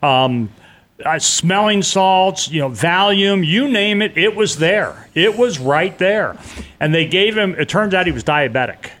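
A man's voice: high-pitched, expressive, unhurried, fairly bright tone, a little hiss or hum. A middle-aged man telling a personal story in a casual, vivid way as an interview guest, acting out the voices of the people he quotes.

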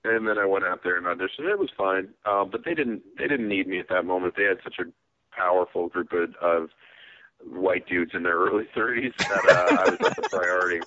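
Deep-voiced man on a phone line. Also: brisk, bright, forceful tone, no room sound. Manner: rambling, self-deprecating, acts out quoted voices. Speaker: comedian guest. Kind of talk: casual interview storytelling. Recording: phone-like guest line, dry.

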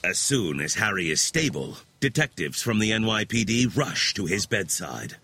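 Male host, scripted true-crime narration, lively and dramatic pitch. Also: moderate pace, creaky, breathy edge, dry recording. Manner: dramatic, with deep drops on ominous phrases.

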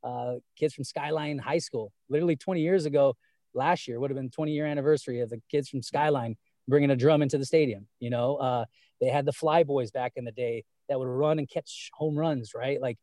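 A man chats casually, circling his point with lots of fillers and restarts. His voice is mellow and relaxed. The sound is dry and close. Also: mid-range voice, brisk, no room sound. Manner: rambling, many fillers and restarts. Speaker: fan guest. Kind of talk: casual conversation.

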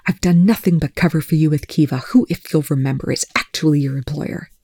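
Narrator as terse military man, hissing and snapping; mellow and dry. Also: mid-range voice, fairly quick, breathy edge, no echo. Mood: tense, hushed. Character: tense blunt male military officer. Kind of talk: audiobook reading of fan fiction.

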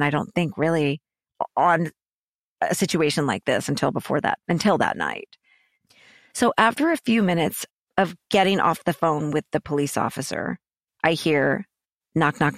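A woman's voice: fairly low pitch, no room sound, studio quality. A woman guest on a podcast telling a personal story in an emotional way, her voice climbing when agitated and dropping to whispers.

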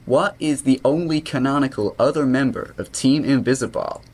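A man's voice: medium pitch, moderate pace, a little mellow. A man hosting a trivia segment on a casual podcast, playful and teasing as he asks and answers questions.

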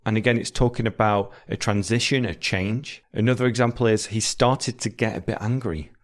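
British guy teaching english phrases, lowish voice, calm and clear. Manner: clear, patient, repeats example sentences slowly. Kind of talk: explaining vocabulary to learners.

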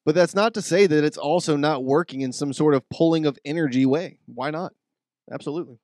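A man's voice: on the high side, a little fast, a little mellow, no echo, clean studio sound. A man chiming in during casual podcast chat, often agreeing and saying "bro".

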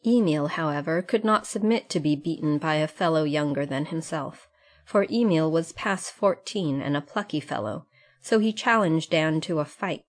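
A woman reading a classic novel aloud as an audiobook narrator. Her voice sits on the low side, calm and even as she tells the story. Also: normal speed. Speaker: audiobook reader. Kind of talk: scripted narration.

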